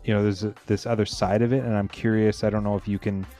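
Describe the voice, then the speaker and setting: Man, podcast host, fairly low voice, excitable, self-interrupting, faint music in the background. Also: quick pace. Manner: animated, self-interrupting, bursts of exclamation. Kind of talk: casual album discussion.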